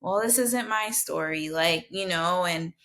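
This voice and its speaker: A woman's voice: lowish voice, measured pace, a bit bright. A young woman, a nurse, sharing her story as a guest in an earnest, heartfelt way, often restarting her sentences. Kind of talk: candid conversational storytelling.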